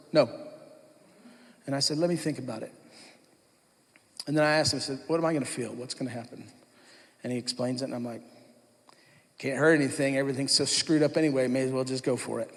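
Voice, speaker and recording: Man giving a personal testimony, mid-pitch, loose storyteller's delivery, long hall reverb. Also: vocal fry. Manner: conversational storytelling with restarts and asides. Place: church hall.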